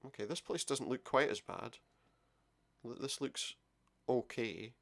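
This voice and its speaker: A man's voice: mid-range voice, a little slow, creaky, fairly bright tone. A man giving casual commentary while playing a game, muttering his thoughts aloud. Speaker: let's play gamer.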